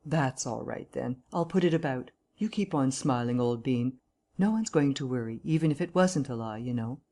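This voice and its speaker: A woman's voice: extremely low pitch, animated, moderate pace, dark tone, heavily acted. A cheery, hearty young chap in a storybook, slangy and full of teasing good humour, as a woman reader puts him on. He jollies his friend along with easy banter. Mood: jovial. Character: jovial hearty young English gentleman journalist.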